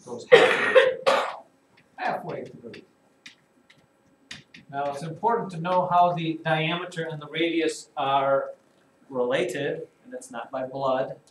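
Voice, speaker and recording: A male math teacher leading a classroom lesson, slowly repeating key terms and calling on pupils by name. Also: fairly high pitch. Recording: echoey classroom from far off with noise.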